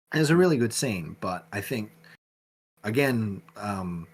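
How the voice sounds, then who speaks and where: A man's voice: lowish voice, expressive, measured pace, slight background noise. A man chatting casually as a podcast guest, rambling with lots of fillers and restarts.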